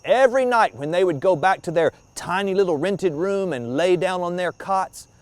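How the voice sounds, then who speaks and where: A man telling ghost stories with dramatic, at times hushed delivery. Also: sits high, lively intonation, moderate pace, no room sound. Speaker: storyteller. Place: outdoor graveyard.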